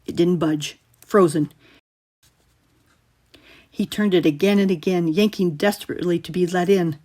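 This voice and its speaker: Woman author narrating her horror short story; lowish, suspenseful, measured. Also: fairly even intonation, dark tone.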